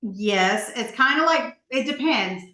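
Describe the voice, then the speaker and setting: A woman's voice: fairly high pitch, lively intonation, slow pace, sharp tone. A woman co-hosting a podcast in casual chat, sassy and teasing. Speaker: podcast co-host. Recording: roomy echo.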